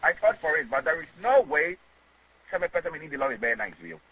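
A Ghanaian man talks as a guest in an interview. His voice sits a little high and sounds husky. His pitch swings widely as he rambles and doubles back over his words. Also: very animated, quick pace, fairly bright tone, poor audio. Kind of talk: conversational interview.

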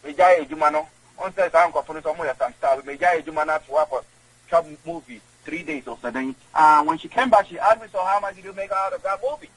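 A man with a Ghanaian accent, an interview guest talking in an animated, emotional way, mixing English and Twi. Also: on the high side, fast, breathy edge, poor audio.

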